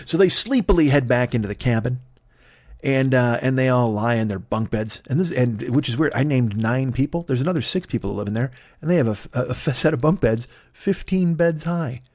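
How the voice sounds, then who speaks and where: A man's voice: mid-range voice, expressive, brisk, darkish tone, no room sound, clean studio sound. A man doing a profane, riffing comedic monologue as a podcast host.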